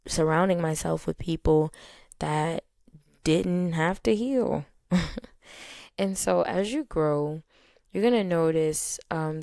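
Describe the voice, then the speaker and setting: A young woman talks candidly to her podcast listeners in a loose, chatty way full of fillers. Her voice sits low with a gravelly fry. The recording is dry and close, with no room sound. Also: darkish tone, no room sound. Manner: candid, chatty, many fillers, laughs often. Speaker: podcast host. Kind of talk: casual personal talk to listeners.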